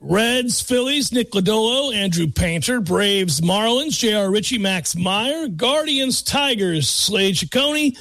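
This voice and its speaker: A man's voice: sits high, animated, takes it slowly, few pauses, fairly bright tone, dry recording. A man co-hosting a casual sports podcast, rattling off names with playful emphasis, on a close mic. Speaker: podcast co-host.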